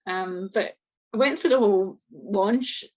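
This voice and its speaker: A woman's voice: mid-range voice, a little slow. A woman with a Scottish accent, an author chatting as a podcast guest, telling a story with lots of laughter and acted-out quotes. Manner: lively, laughs often, acts out quoted exchanges. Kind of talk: casual storytelling chat.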